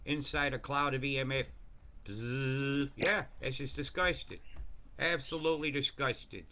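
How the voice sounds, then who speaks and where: A man giving a rambling, profane commentary over weather maps, swinging between mumbled asides and loud rants. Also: mid-range voice, unhurried. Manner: profane, ranting, jumps between mumbling and bursts.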